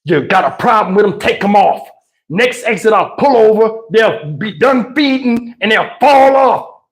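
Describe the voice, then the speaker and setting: A man's voice: high voice, animated, unhurried. A man voicing a curt, profane Vietnam veteran father who brushes off trouble. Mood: gruff.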